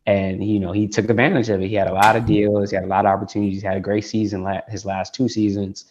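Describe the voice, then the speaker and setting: Low-voiced founder, rambling on lo-fi audio. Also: male voice, flat delivery, quick pace, darkish tone, slight background noise. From Detroit, United States. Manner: rambling, heavy with "like" and restarts. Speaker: tech founder, guest. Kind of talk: casual interview talk. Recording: dull lo-fi call audio.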